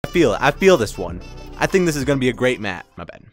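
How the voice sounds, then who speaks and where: Over soft background music, a young man streams a video game, his mid-range voice fast and sing-song. He jokes with himself and others, breaking into exaggerated, melodramatic outbursts as he plays.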